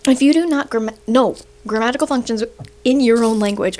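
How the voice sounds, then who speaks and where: A woman's voice: fairly high pitch, brisk. A young woman hosting a video, ranting in a casual, sarcastic and rambling way, a little short of breath. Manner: animated, sarcastic, rambling with fillers. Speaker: video host. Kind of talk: casual rant to camera.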